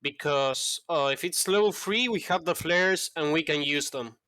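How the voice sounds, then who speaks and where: A man on voice chat asking hesitant, halting questions. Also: on the high side, pushed and bright, no echo, clean studio sound. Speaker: team member asking questions. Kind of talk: casual voice chat.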